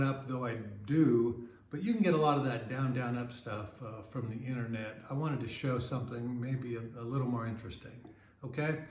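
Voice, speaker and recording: A man teaching ukulele in a relaxed, chatty way, with many fillers, counting beats and sometimes singing along. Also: medium pitch, reverberant. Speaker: ukulele club instructor. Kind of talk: casual ukulele lesson with strumming and singing.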